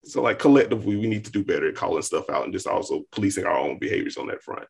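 A man's voice: sits low, expressive, racing, creaky, breathy edge. A young man co-hosting a podcast, talking casually with lots of hedging and amused asides. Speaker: podcast co-host. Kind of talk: casual chat.

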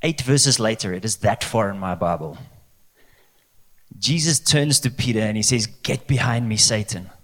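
Male preacher, animated, chatty sermon, rhetorical questions. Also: lowish voice, moderate pace, pauses often. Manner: lively, conversational, asks the crowd rhetorical questions. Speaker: pastor.

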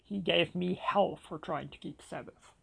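A man's voice: sits high, unhurried, creaky, fairly bright tone, slightly rough. A man telling a personal story with dramatic flair, acting out the dialogue as he goes. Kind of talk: personal anecdote told dramatically.

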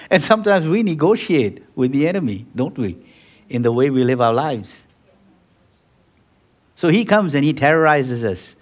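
Preacher guy, kinda high voice, gets loud and fired up, muffled recording. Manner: builds from conversational storytelling to loud, fervent exhortation; acts out little scenes with quoted voices. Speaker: pastor. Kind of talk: sermon.

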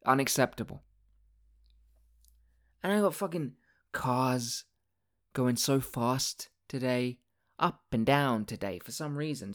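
A man's voice: mid-range voice, animated, measured pace, pauses often. A man hosting his own podcast, ranting angrily and swearing, repeating himself as he goes. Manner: angry, sweary, repetitive ranting. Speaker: podcast host. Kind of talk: ranting monologue.

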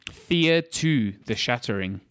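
A man's voice: medium pitch, lively intonation, takes it slowly, fairly bright tone, clean tone, no echo, clean studio sound. A man co-hosting a casual gaming podcast, jokey and laughing often, swearing freely. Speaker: podcast co-host.

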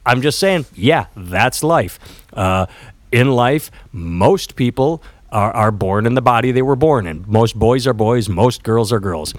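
A man's voice: medium pitch, expressive, a little slow, dry recording. A man co-hosting a podcast in casual chat, candid and profane, telling stories with acted quotes. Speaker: podcast co-host.

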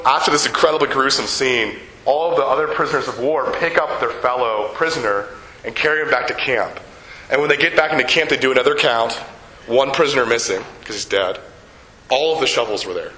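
An older male pastor delivers a sermon with a bright, forceful voice. He tells a story, slows down on key words and asks the listeners questions. The room around him is echoey, with faint noise behind him. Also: medium pitch.

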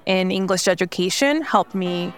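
A woman's voice: medium pitch, animated, moderate pace. A young woman whose first language is Korean, with a light Korean accent, talking as an interview guest in a chatty way, with many fillers and easy laughter. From South Korea. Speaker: startup founder, interview guest. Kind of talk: casual interview talk.

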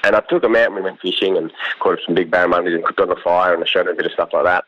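A young Australian man, a cattle station worker, telling a long story in a relaxed, rambling way and laughing often. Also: low voice, racing, highs cut off. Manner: laid-back, rambling, laughs often, quotes others in lively voices. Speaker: cattle station ringer, guest. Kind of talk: casual storytelling.

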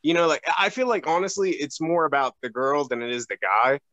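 A young man chatting on a podcast as a guest, halting and full of fillers and restarts. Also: a little high, animated, pushed and bright, dry recording, muffled recording. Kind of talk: casual podcast chat.

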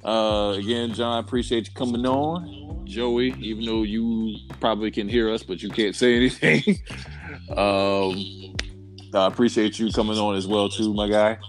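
A man with a Southern US accent hosts a podcast in a relaxed, profane way. His voice sits fairly low. Faint music runs in the background. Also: normal speed. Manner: loose, profane, laid-back. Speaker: podcast host. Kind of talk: casual podcast chat.

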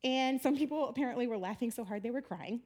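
A woman giving a chatty, animated storytelling talk about faith, often laughing as she speaks. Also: a little high, fast talker.

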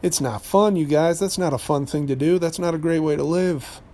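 A man hosts his podcast in a loose, sarcastic rant, full of asides and self-corrections. He grew up in New Hampshire. His voice sits a touch higher than most men's. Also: normal speed, mellow. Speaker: podcast host and voice actor. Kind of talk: ranting podcast monologue.

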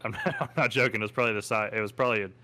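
A man's voice: on the low side, very fast, pushed and bright. An easygoing young man in casual podcast chat, laughing often and using casual slang.

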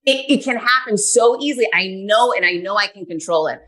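A woman in her forties, a podcast guest telling her story in an energetic, animated way. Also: mid-range voice, a little fast, a crowd in the background. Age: 40s. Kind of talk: podcast interview.

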